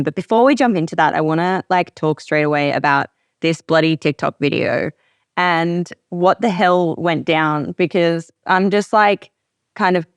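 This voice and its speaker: A woman hosting a podcast interview, chatty and animated, with lots of fillers. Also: on the low side, clean tone, no echo, studio quality. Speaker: podcast host. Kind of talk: casual interview chat.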